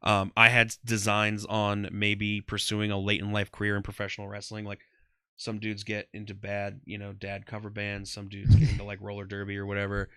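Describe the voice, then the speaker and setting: Guy in his 30s chatting loose on a podcast, bright crisp voice, dry close mic, lots of ums. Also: lowish voice, completely flat delivery, brisk, dry recording. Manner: rambling, heavy on "um" and "like". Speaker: guest, comedian and former ring announcer. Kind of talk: casual interview chat.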